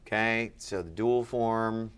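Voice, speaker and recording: A man's voice: lowish voice, fairly even intonation, slow, a bit bright, clear, resonant tone. A man tutoring a student through Ancient Greek accents, patiently quizzing and encouraging him in a friendly, upbeat way. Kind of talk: one-on-one lesson.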